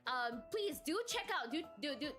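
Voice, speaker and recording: A woman's voice: high voice, animated, normal speed, a bit bright, faint music behind. A woman hosting a live stream in casual chat, giggly and a little nervous, with pet phrases she keeps repeating. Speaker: streamer host.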